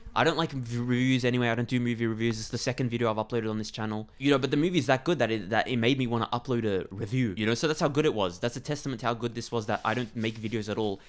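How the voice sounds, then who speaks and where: Brief: male vlogger, quick-fire delivery, loose conversational movie review with many false starts. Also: medium pitch. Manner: fast, rambling, with frequent restarts. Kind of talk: casual spoken movie review.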